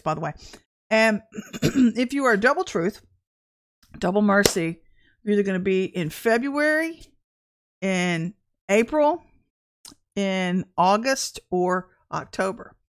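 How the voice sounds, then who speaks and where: A woman giving an informal prophetic message to her viewers, talking in an animated, emphatic way with sudden exclamations. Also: medium pitch, a little slow, pauses often. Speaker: self-described prophetess.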